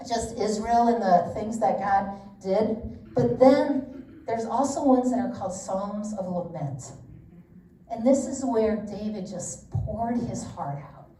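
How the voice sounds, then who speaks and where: A woman's voice: medium pitch, mellow, slight background noise. A middle-aged woman leading a women's Bible study, talking in a chatty, candid way with lots of asides. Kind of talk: casual teaching talk. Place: church meeting room. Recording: roomy echo, distant mic.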